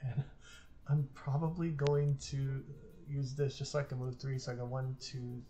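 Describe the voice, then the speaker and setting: Low-voiced chatty woman gamer. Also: flat delivery, normal speed, warm tone, muffled recording, slight background noise. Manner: chatty, laughs often, thinks moves aloud. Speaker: host and player. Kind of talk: casual chat while playing a board game. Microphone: own streaming mic.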